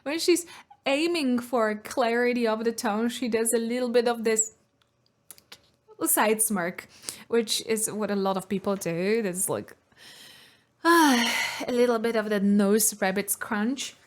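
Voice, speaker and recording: A woman's voice: on the high side, takes it slowly. A woman vocal coach giving analytical reaction commentary on singing technique, sometimes singing short demonstrations.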